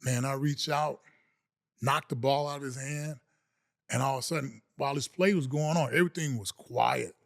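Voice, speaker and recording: A middle-aged man, a former football player, telling a story in an animated way, laughing often and acting out the voices of others. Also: mid-range voice, normal speed, gravelly. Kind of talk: casual storytelling.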